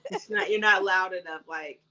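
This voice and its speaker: A woman's voice: mid-range voice, normal speed, pushed and bright, dull audio. A woman co-hosting a podcast in casual chat, blunt and joking, swearing freely. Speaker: podcast co-host.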